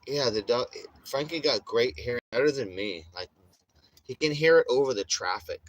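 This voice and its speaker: Still recovering from a chest illness, this male vlogger rambles through a casual livestream chat, cursing freely and laughing a lot. He speaks at a moderate pace in a medium-pitched voice.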